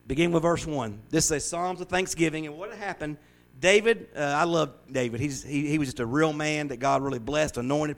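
A middle-aged pastor with a slightly high voice, talking through scripture in an easygoing, folksy way. He drops to a near hush for serious points, then lifts into loud, lively bursts. His tone stays conversational throughout, like he is chatting with his congregation. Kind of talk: informal sermon, Bible study.

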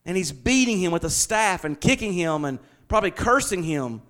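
A man delivers a sermon in a notably high voice. He reads scripture aloud, then builds fervently into strong, confident proclamations. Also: very animated, moderate pace, a bit bright. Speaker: preacher.

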